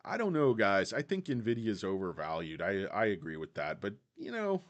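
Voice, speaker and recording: A man's voice: lowish voice, huge pitch swings, normal speed. A man hosting a casual stock market video, rambling with many fillers and talking straight to his viewers. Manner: rambling, full of fillers, keeps addressing "guys". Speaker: stock channel host.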